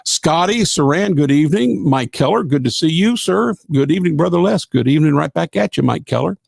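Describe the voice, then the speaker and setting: Fairly high-pitched, animated and fairly quick, this middle-aged man's gravelly, breathy voice comes through a dry recording. He hosts a live gospel radio show, chatting casually like a live stream in a folksy, rambling way full of fillers.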